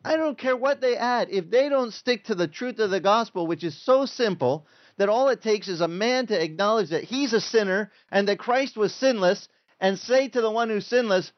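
A man's voice: high voice, normal speed, highs cut off. A male pastor preaching a sermon in a conversational way, quoting scripture as he goes.

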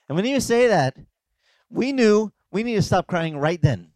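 A male pastor giving a conversational, animated sermon and acting out dialogues. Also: high voice, moderate pace, dry recording. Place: beach church service, outdoors.

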